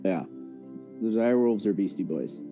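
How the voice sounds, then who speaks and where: A man running a tabletop game as dungeon master, casual and full of fillers, quick to laugh. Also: on the low side, lively intonation, over music.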